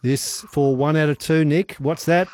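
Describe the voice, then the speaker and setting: A man hosts an evening radio quiz, trading quick, upbeat, chummy banter with callers over a studio microphone. His voice is a little high and a little mellow, with fairly even intonation.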